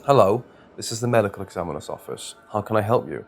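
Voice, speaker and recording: A man's voice: on the low side, expressive, gravelly. A man voicing a kind young female receptionist in a horror story reading. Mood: polite. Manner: polite, quick.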